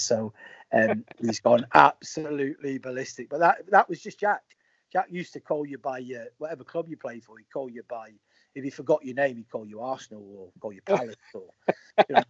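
Husky-voiced man telling lively anecdotes. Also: mid-range voice, no echo. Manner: animated storyteller acting out quoted dialogue. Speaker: former footballer, interview guest. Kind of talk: casual anecdotal storytelling. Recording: slightly muffled, dry audio.

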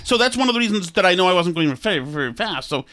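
A podcast host telling a story in a casual, animated way, acting out his own quotes. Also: high voice, quick pace.

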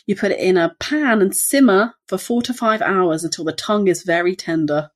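A woman's voice: mid-range voice, normal speed. A woman co-hosting a cookbook podcast, joking bluntly in casual chat. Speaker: podcast co-host.

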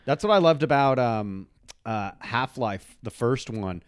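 A male podcast co-host chats casually, rambling and restarting his sentences in an animated, medium-pitched voice at a measured pace. His tone is clear and resonant, and the recording is dry and studio quality.

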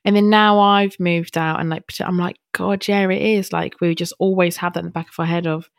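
A young woman with a fairly low voice, recorded dry and close with no room sound. She talks in a loose, heartfelt podcast monologue, full of "like" and restarts. She swears now and then for emphasis. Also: fairly even intonation, fairly quick, vocal fry, no echo. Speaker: podcast host. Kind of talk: candid personal podcast monologue.

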